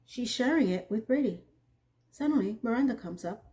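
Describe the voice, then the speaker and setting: A woman giving a casual, animated TV episode recap, often acting out what she thought in an incredulous tone. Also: fairly high pitch, normal speed. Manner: animated, incredulous, acts out characters' lines. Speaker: TV recap reviewer.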